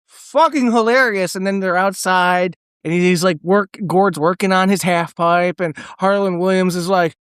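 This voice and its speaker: A podcast co-host retelling scenes excitedly, often laughing and swearing. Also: medium pitch, moderate pace, few pauses, smooth, no room sound, clean studio sound. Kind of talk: casual film discussion.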